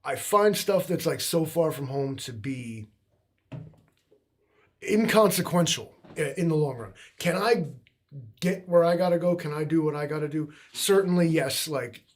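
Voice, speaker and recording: In a slightly high voice at a measured pace, this livestream co-host, a young man, drifts through loose, casual chatter. He's relaxed and meandering, leaning heavily on filler like "like" and "um."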